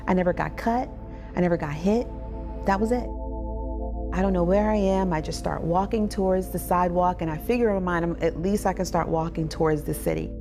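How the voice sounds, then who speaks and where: A woman earnestly telling her own story as a survivor advocate, with restarts, over soft music. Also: fairly low pitch, fairly quick. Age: adult parent. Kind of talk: personal testimony.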